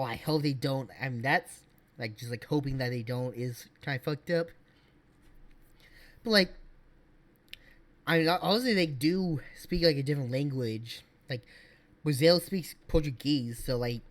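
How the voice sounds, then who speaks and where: Man, streamer, casual reaction commentary, mid-pitched, rambling, restarts. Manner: rambling, many fillers and restarts.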